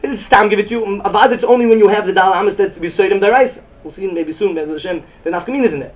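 A man giving an excited Talmud lecture. He repeats phrases often and mixes Yiddish and Hebrew terms into his English. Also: high-pitched, racing, muffled recording. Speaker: Talmud teacher.

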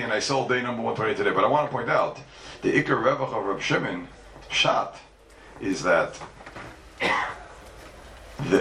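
A man's voice: mid-range voice, a bit bright. A man teaching Talmud to a congregation as a rabbi, emphatic, asking and answering his own questions and repeating key points. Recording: echoey room mic from far off, faint background noise.

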